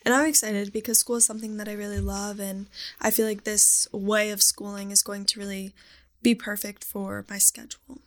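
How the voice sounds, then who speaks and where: A young woman in casual chat, talking in a chatty way with vocal fry. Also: medium pitch, level tone, moderate pace.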